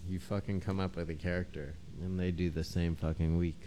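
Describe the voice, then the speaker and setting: Deep-voiced teasing male podcast co-host. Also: little pitch movement, fairly quick, dark tone, slight background noise. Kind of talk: casual comedic chat.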